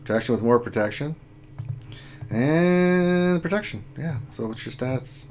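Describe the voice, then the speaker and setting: A man's voice: mid-range voice, lively intonation, unhurried, a little mellow, a little hiss or hum. A man hosting a casual gaming livestream, joking around, laughing often and reading out viewer comments. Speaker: livestream host reading chat.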